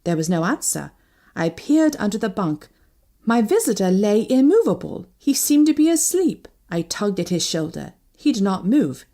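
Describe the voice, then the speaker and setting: A woman narrating a first-person novel as an audiobook, reading expressively. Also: moderate pace. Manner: expressive, shifting pitch with each character.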